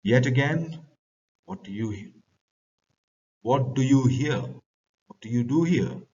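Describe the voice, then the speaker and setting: A man's voice: mid-range voice, lively intonation, slow, warm tone, pitched above the performer's own voice. An Indian man reading the part of a commanding male ship's boatswain who barks orders during a storm. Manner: barked orders. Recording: distant dull lo-fi recording.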